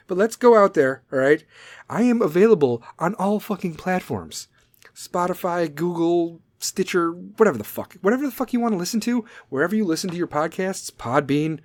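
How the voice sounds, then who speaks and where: A man's voice: fairly high pitch, darkish tone, dry recording. A man in his forties hosting a solo comedic podcast, swearing constantly as he rambles in a sarcastic rant. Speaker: podcast host.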